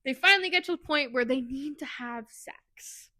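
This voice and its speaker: High-voiced chatty woman podcaster. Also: moderate pace, hardly any pauses. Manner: chatty, animated retelling with laughs and asides. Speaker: podcast co-host. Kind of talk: casual book review chat.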